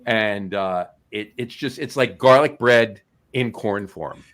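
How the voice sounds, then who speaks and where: A man's voice: on the low side, takes it slowly, fairly bright tone. A man, co-hosting a podcast in casual chat, rambling with many restarts. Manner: rambling, full of restarts and fillers. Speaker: podcast co-host.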